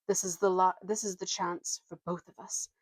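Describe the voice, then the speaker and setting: A grand, scornful talking horse, put on by a woman reading aloud, speaking in a lofty, drawn-out way. The voice sits a little low and sounds dry and close. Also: level tone, slightly rough, no echo. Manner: haughty, lofty, drawn-out words. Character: proud talking warhorse, male, grand and scornful.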